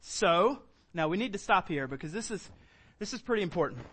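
A man preaching a sermon as pastor, animated, acting out quoted lines with sudden high bursts. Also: fairly quick, breathy edge.

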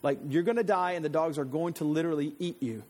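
A man's voice: a little high, fast, a little mellow. A man preaching a casual Bible-teaching sermon, retelling scripture stories in everyday slang like a chatty storyteller. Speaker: pastor.

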